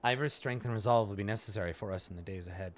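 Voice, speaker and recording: A man reading the lines of a loyal, gruff ancient male giant in a low, steady, heartfelt way. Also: rapid-fire, close to an everyday voice.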